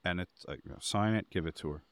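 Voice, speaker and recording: A man's voice: deep voice, quick pace, dry recording. A man co-hosting a podcast, telling a rambling anecdote in casual chat and getting exasperated as he goes. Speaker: podcast co-host.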